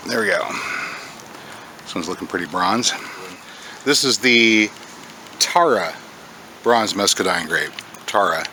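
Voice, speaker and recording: Man, lowish voice, bright tone, casual outdoor vlog, faint outdoor noise behind. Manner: chatty, talks in a high sing-song voice to cats and caterpillars. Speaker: farm channel host. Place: outdoors on a farm.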